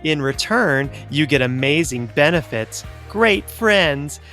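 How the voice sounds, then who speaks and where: A man's voice: fairly high pitch, sharp tone, voice pushed up, exaggerated voice. A man voicing the upbeat, salesy narrator of a company orientation video.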